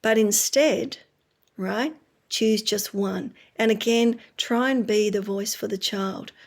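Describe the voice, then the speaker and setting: Woman, speech pathologist, instructional talk to parents, friendly explaining, checks in with listener, mid pitch. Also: slow pace.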